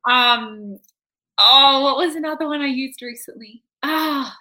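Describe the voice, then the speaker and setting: A woman's voice: high-pitched, unhurried, bright, forceful tone. A young woman from Australia with a slightly Americanized Australian accent, chatting as a guest and laughing easily. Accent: Australian, partly Americanized. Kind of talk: casual interview chat.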